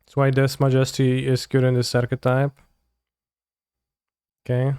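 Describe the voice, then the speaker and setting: A man's voice: mid-range voice, monotone, a little slow, a little mellow, smooth, no room sound, studio quality. A man streaming a card game, talking casually through his plays and muttering to himself with loose, offhand remarks. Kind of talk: casual live play commentary.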